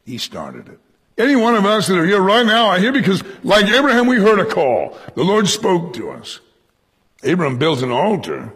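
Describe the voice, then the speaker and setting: A man with a raspy, breathy voice preaches a study, his pitch leaping up for emphasis and dropping low for asides. He talks to the congregation directly, checking that they follow. His words ring out with long reverb in a large hall. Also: huge pitch swings, moderate pace, fairly bright tone. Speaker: pastor. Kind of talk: verse-by-verse Bible teaching sermon.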